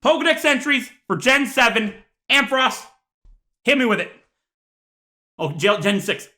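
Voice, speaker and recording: A man's voice: extremely high pitch, a little slow. Mock-outraged man ranting for laughs. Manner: mock-outraged, deadpan asides, lots of laughs and sighs. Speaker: YouTuber. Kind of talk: comedic rant to camera.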